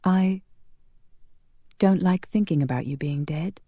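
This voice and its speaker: A narrator voicing a fallen angel woman who speaks softly and earnestly. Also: medium pitch, slow pace, breathy edge, no room sound, studio quality.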